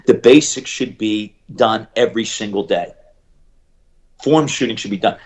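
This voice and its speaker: A middle-aged man, a shooting coach, telling stories in an animated interview and acting out the people he quotes. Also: on the low side. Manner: acts out quoted voices, fast bursts and emphatic repeats.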